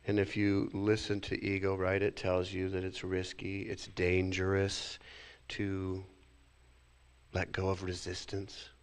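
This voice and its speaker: A man's voice: low-pitched, completely flat delivery, slow, smooth. A male minister giving a reflective sermon, sometimes acting out inner thoughts with sighs.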